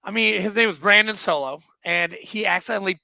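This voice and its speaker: Male podcast host, bright high gravelly voice, excitable, teasing banter. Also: brisk, no room sound. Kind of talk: casual interview chat.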